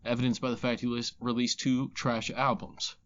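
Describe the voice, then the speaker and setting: A man's voice: mid-range voice, little pitch movement, normal speed, fairly bright tone, lo-fi sound, a little hiss or hum. A man co-hosting a podcast, talking bluntly and casually about rap lyrics with plenty of swearing. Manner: blunt, laid-back, heavy swearing. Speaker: podcast co-host.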